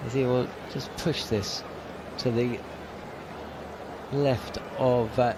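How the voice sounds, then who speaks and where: A man's voice: medium pitch, steady tone, slow, very noisy. A man giving live ball-by-ball radio cricket commentary, chatty and wry.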